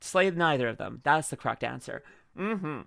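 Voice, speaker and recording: A woman streamer chatting through a video reaction in a giggly, rambling way, stopping to read her chat aloud. Her pitch leaps around constantly. The sound is dry and close, with no room around it. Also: expressive, moderate pace, gravelly, a bit bright, no room sound. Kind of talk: casual live-stream reaction commentary.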